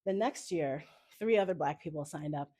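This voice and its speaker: A woman telling a personal story live to an audience at a cafe event, expressive and often laughing as she speaks. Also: low-pitched, moderate pace, slightly rough.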